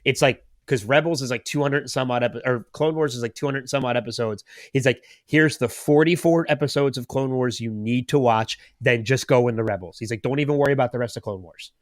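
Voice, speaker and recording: A man's voice: medium pitch, quick pace, hardly any pauses, no echo. A man in his late thirties hosts a podcast in casual chat. He rambles through his story with lots of restarts and turns openly emotional. His voice sits mid-range, with a close, dry sound. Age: 30s. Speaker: podcast host.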